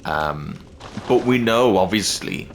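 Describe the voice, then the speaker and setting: A man's voice: lowish voice, animated, takes it slowly, a little hiss or hum. A man hosting a gaming channel, rambling casually about game lore while playing and swearing freely. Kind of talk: let's-play commentary on game lore.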